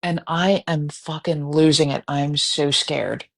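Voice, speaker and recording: A woman telling a story casually on a live stream, animated and profane. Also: low-pitched, slow pace, gravelly. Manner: animated, profane, breaks into screaming reenactments.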